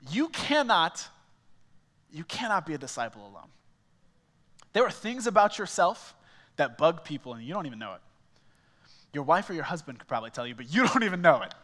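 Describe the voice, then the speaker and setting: Young man, pastor preaching, casual storytelling, somewhat high voice, long hall reverb. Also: very animated, brisk, long pauses, sharp tone. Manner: conversational storytelling, self-mocking humor. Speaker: small groups pastor. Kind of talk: sermon. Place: church auditorium.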